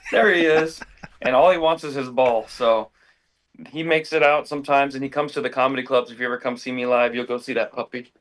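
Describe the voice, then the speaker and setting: A man's voice: mid-range voice, fairly even intonation, fairly quick, fairly bright tone. A man chatting casually as a guest on a video call from his apartment, joking and self-deprecating. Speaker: comedian guest. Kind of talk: casual interview chat.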